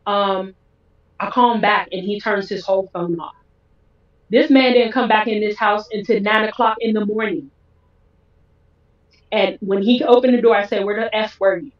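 A woman's voice: mid-range voice, steady tone, normal speed, long pauses. A woman recounts her own story as a guest and voices every line of dialogue with real emotion. She sits well back from the microphone in an echoey room, and the sound is slightly muffled. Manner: emotional, acts out quoted dialogue. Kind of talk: personal storytelling interview. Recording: roomy, distant, dull sound.

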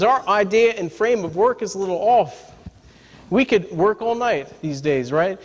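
High-voiced preacher in a reverberant hall. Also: male voice. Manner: lively, talks straight to the congregation with repeated "amen?" and "right?"; humorous, folksy storytelling. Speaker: pastor. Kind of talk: sermon. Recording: long reverb from a large room.

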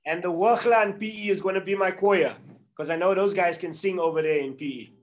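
A man's voice: sits high, a little fast. Upbeat South African man on a video call. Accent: South African English. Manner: chatty and upbeat, leads group singing. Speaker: presenter. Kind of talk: casual online meeting presentation.

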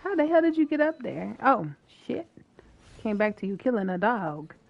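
A woman streams a co-op game with a voice that leaps up and down through her pitch. She talks loosely and playfully, tossing out curses and jokes as she loots and fights. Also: very animated, moderate pace, gravelly, lo-fi sound. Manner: playful, swears and laughs often. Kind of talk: casual gaming chat.

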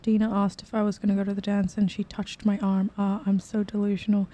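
A woman's voice: mid-range voice, monotone, brisk, dark tone. A woman streamer giving chatty, emotional let's play commentary, swearing freely as she reacts to the game. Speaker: gaming streamer.

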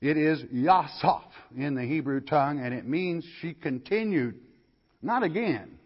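Older pastor with a folksy teaching manner, a bit husky, lo-fi hall recording. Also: male voice, a little high, lively intonation, a little slow. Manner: folksy, questioning the listeners and reading scripture aloud. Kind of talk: verse-by-verse Bible lecture.

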